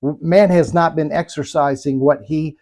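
A man's voice: a little high, steady tone, measured pace, a little mellow. A man preaching a sermon, emphatic, asking rhetorical questions and repeating phrases for effect. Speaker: pastor.

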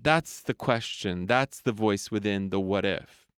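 A man giving a reflective motivational talk as a voice coach, slow and measured with repeated phrases that trail off softly. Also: fairly low pitch, smooth, dry recording, studio quality.

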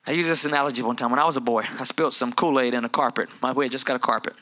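A pastor preaches a sermon in a mid-range voice at a racing pace. He tells stories and acts out family members' voices, shifting between quiet asides and loud, building preaching.

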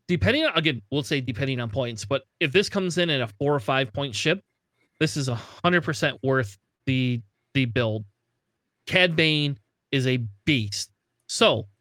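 A man with a slightly high voice chatting about a tabletop game, excitable and laughing often. He swears casually. The sound is dry and close to the mic. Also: no room sound. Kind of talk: casual gaming chat.

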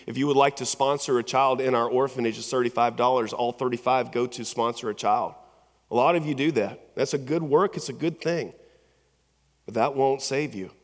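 A male pastor preaching a sermon in a church, telling stories conversationally with many restarts and repeated words. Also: medium pitch. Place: church sanctuary. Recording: long church hall reverb.

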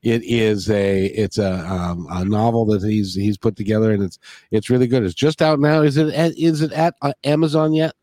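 Halting, dry-voiced male host. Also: fairly low pitch, steady tone, warm tone, no room sound. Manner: halting, repeats words often. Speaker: podcast host. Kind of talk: casual interview chat.

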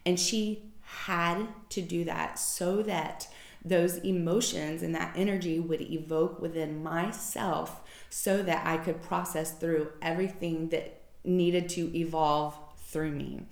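A woman's voice: on the low side, steady tone, slow, creaky. A woman candidly telling a personal story in an emotional, informal way, swearing casually. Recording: echoey room.

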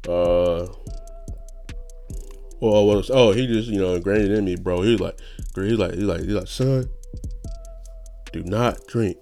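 Rambling, profane young man, lowish voice. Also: steady tone, brisk, pauses often, warm tone, faint music behind. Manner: rambling and profane, with sudden high-pitched outbursts. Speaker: podcast host. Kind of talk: casual solo rant.

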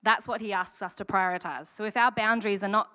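A woman's voice: mid-range voice, fast talker. A woman giving a casual, candid sermon talk at church, acting out quoted lines in a chatty way. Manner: chatty, candid, animated quoting. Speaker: church speaker.

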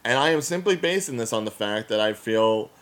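A young man with a New Jersey accent, chatting casually as a podcast co-host, opinionated and quick to laugh. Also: medium pitch. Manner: animated, opinionated, laughs often. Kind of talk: casual chat.

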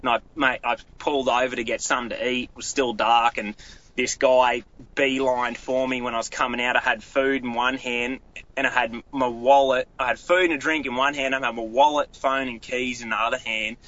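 Aussie guy rambling thru a story, bright tense voice, kinda dull lo-fi sound. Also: mid-range voice, steady tone, brisk. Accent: Australian. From Australia. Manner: rambling storyteller with many restarts. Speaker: guest angler. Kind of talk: casual podcast chat.

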